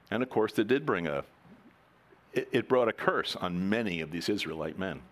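Speaking at a normal speed in a low, animated voice, this middle-aged pastor delivers his sermon conversationally. He cracks jokes and acts out the quoted voices of the characters he describes.

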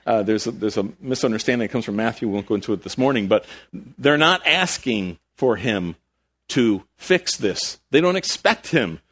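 A middle-aged man preaching a conversational sermon, with sudden rises in emphasis and quiet drops. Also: on the low side, lively intonation, normal speed, slightly rough. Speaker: pastor.

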